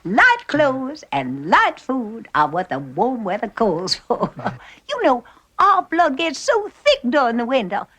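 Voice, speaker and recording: A woman's voice: high voice, a bit bright, exaggerated voice. An actress playing a faded Southern belle mother with a Southern American accent, who chatters genteelly with little laughs.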